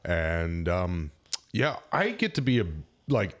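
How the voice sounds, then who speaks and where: A man co-hosting a casual podcast chat, joking and throwing in quick asides. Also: low voice, wildly swooping pitch. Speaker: podcast co-host, service advisor.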